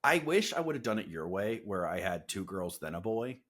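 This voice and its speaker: Low-voiced dad host, animated. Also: male voice, normal speed. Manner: animated, self-deprecating storytelling. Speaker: podcast co-host. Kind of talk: casual chat.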